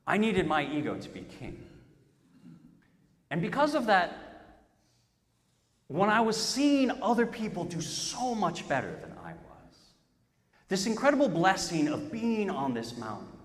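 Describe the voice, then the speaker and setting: Lively male preacher in a reverberant hall. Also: high voice, a little slow, pauses often. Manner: storytelling, self-mocking, emphatic. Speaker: pastor. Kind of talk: sermon.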